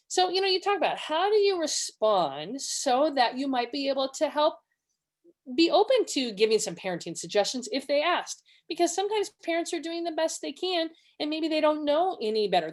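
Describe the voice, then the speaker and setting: A middle-aged woman presenting a webinar in a chatty, casual teaching style, often acting out quotes. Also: mid-range voice. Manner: chatty, with fillers and acted-out quotes.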